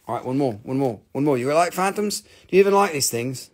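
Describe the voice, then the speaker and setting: A man's voice: a little high, animated, fast talker, hardly any pauses. A man hosting a live crystal sale stream, chatty and self-mocking, joking nonstop with viewers. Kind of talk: casual live sales stream banter.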